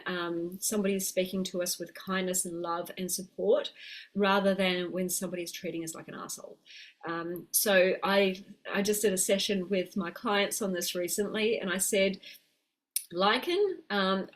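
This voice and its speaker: A middle-aged woman, coaching viewers gently in a live stream and reading their comments aloud. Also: medium pitch. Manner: warm, encouraging, reads viewer comments aloud. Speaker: health coach. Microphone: webcam mic on a video call.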